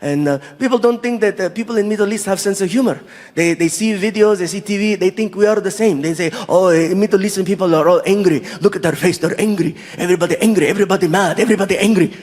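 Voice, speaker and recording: A comedian voicing an emotional Saudi man with a put-on Saudi accent, pleading and halting, then teasing. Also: sits high, a little mellow, long reverb tail, natural voice. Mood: earnest. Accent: Saudi Arabian put-on.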